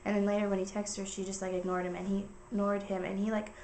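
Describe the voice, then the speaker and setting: Young woman vlogger, rambling and casual, mid pitch, roomy echo. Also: little pitch movement, fast talker, darkish tone, slight background noise. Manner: rambling, filler-heavy storytelling. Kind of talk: casual chat. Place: indoors at home.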